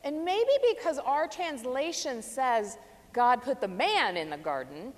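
A woman preaching a reflective sermon, measured and stressing key phrases. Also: sits high, sing-song. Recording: long reverb of a large hall.

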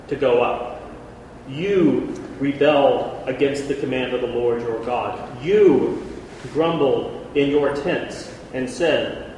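A man preaching a lively Bible lesson, who jokes with the room and calls out listeners by name. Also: medium pitch. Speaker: preacher teaching a Bible class. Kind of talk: lively sermon. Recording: echoey hall from far off, faint noise.

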